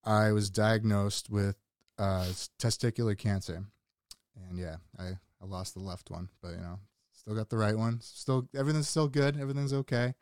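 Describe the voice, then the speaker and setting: A young man with a low voice, recorded close and dry. He talks casually and candidly, laid-back as he tells his own story. He slips into quoted voices along the way. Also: normal speed, darkish tone, clear, resonant tone, no room sound. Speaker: guest sharing his story. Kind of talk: casual podcast conversation.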